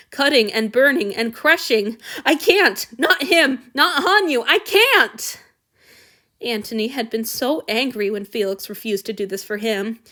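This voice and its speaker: A woman narrating a story aloud in a steady, expressive reading style. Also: a little high. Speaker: reader. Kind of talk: audiobook narration of fan fiction.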